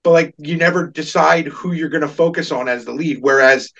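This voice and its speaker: An animated man giving strong opinions in a loose, laughing way. His voice sits a little high for a man and sounds set back from the microphone, with some distance in the pickup. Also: brisk, gravelly. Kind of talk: casual chat.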